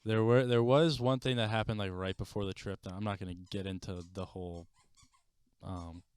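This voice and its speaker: Low, smooth-voiced man telling stories. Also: normal speed, no room sound. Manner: animated, profane storytelling. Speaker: podcast host. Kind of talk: casual podcast chat.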